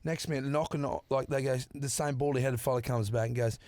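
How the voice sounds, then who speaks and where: A man's voice: medium pitch, steady tone, fast, hardly any pauses, darkish tone, dry recording. An Australian man telling a long story in casual podcast chat, swearing freely and acting out the people in it. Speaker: podcast guest.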